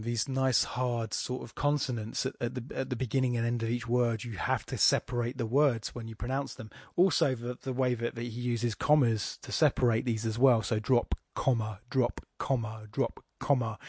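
A man talks through a poem on his podcast, a teacher who thinks aloud with plenty of fillers and restarts. His voice sits in an ordinary middle pitch. It is recorded close to the mic and sounds dry, with no room echo. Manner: thinks aloud with fillers and restarts, slows down to read lines aloud deliberately. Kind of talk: informal poetry analysis podcast.

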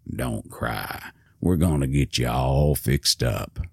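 A man voicing a kind elderly man who soothes a frightened toddler in a slow, soft voice. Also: a bass voice, expressive, creaky, husky, dry recording, studio quality, voice pushed down, heavily acted. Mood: soothing. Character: gentle elderly man comforting a hurt toddler.

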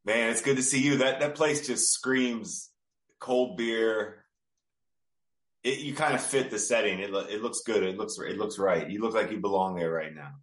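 A man co-hosting a sports podcast over a video call, talking in a relaxed, easygoing way. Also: fairly low pitch, normal speed, reverberant. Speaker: podcast co-host. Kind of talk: casual sports podcast chat.

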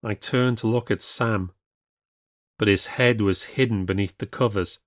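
Man, storyteller, measured ghost-story narration, low voice, dry close sound. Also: dry recording. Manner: measured, steady reading. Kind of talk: scripted narration.

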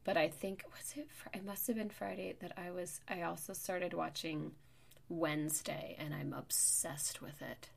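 A woman podcast host telling a story in casual chat, getting louder and more worked up as she goes. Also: normal speed, gravelly. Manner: animated, gets louder and higher as the story heats up. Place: New York.

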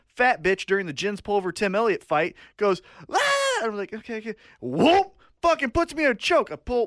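A man co-hosting a wrestling podcast who tells stories in a profane, animated way. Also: high-pitched, no echo, clean studio sound. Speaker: podcast co-host. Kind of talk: casual chat.

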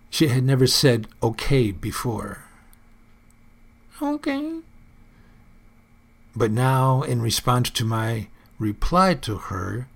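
A man's voice: medium pitch, gravelly, slightly rough. A man hosting his own personal report, musing aloud in an earnest, casual monologue.

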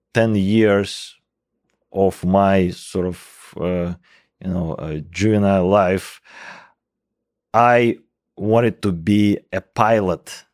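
Speaking in a low, slightly mellow voice, a guest scientist from Russia, a man in his forties with a thick accent, chats casually in an interview full of fillers and restarts. The sound is clean studio audio without echo.

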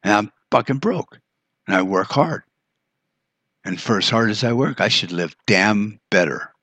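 A man's voice: on the low side, expressive, measured pace, a bit bright, dry recording. A man hosting a podcast, delivering an angry, profane, sarcastic rant in a monologue. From United States. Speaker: podcast host. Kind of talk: ranting monologue.

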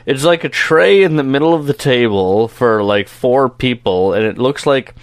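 A man's voice: mid-range voice, expressive, moderate pace. A man co-hosting a casual cartoon review podcast, joking, rambling and laughing often. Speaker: podcast co-host.

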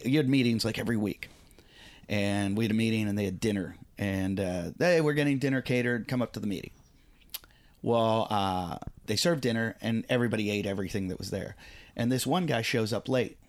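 A man, a comedian, telling a casual story on a podcast, acting out quoted voices and swearing freely. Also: mid-range voice.

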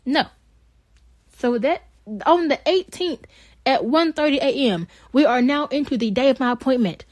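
Podcast co-host, woman with a lilt, animated and exasperated, a bit high, dry mic. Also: normal speed, no echo. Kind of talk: casual storytelling chat.

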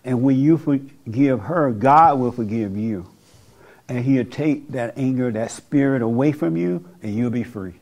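A man's voice: mid-range voice, a little slow, a little mellow, dull audio. A man with a mid-range voice counsels a guest like a preacher. He talks bluntly and directly, pressing his points one after another. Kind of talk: counseling talk.

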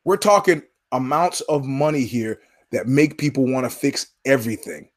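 A man's voice: medium pitch, moderate pace. Emphatic, profane male podcast host. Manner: profane, emphatic, repeats words for punch. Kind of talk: casual podcast commentary.

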